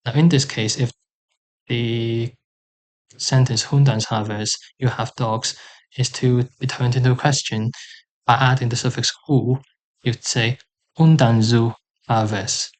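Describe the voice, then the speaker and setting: A man teaching a language lesson, sounding out example words slowly and carefully, with pauses and fillers. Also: mid-range voice, flat delivery.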